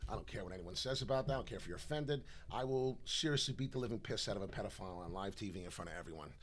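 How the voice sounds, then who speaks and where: A brash man with a New York accent, rambling excitedly on a live crypto chart stream, jumping between loud outbursts and low mutters. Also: rapid-fire, a little hiss or hum. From New York / New Jersey. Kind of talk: casual live stream chat.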